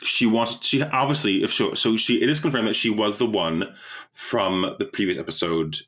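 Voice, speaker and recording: Podcast co-host: man, very low voice, rambling casual chat. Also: moderate pace, a bit bright. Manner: rambling, stumbles over words, laughs often.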